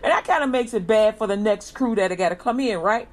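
A woman's voice: a little high, brisk. A woman preaching an informal inspirational sermon, talking colloquially and repeating an upbeat slogan again and again. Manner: colloquial, repeats a slogan, acts out lively quoted greetings.

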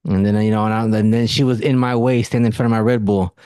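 A man's voice: on the low side, steady tone, quick pace, warm tone, clean tone, no echo, studio quality. A man hosting a casual podcast conversation, telling blunt stories and swearing freely. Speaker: podcast host.

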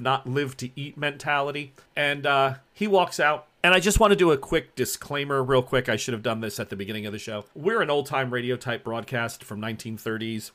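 A man's voice: mid-range voice, fairly bright tone. Male game master, loose descriptive narration, lots of fillers. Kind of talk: narrating a tabletop role-playing game.

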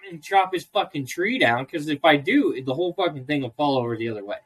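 A man's voice: fairly high pitch, expressive, fast talker, a bit bright, breathy edge. A man on a casual podcast, ranting in a profane, storytelling way. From Idaho, US. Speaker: co-host.

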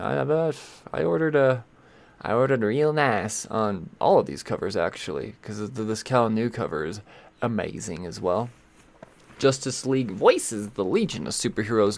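A man's voice: mid-range voice, creaky, no echo. Casual rambling man reading release lists. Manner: rambling, swears, stalls while scrolling. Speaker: comic book shop host. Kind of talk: casual solo rundown of new releases.

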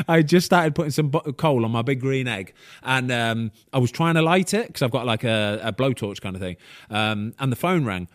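A man hosting a casual podcast, telling an animated story full of fillers, asides and the odd swear word. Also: medium pitch, no room sound, studio quality. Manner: animated, excitable, swears, frequent "right?" and "um". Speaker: podcast host, former goalkeeper.

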